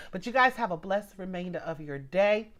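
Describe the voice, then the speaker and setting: A middle-aged woman hosts a casual livestream from home. She talks straight to her viewers, reads their comments aloud and thanks them by name. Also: medium pitch. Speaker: livestream host.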